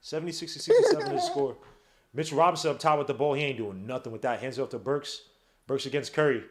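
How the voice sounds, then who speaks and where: Excitable man calling plays. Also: mid-range voice, fast talker. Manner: excitable, slangy, teasing. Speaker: podcast host. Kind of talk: fan play-by-play commentary.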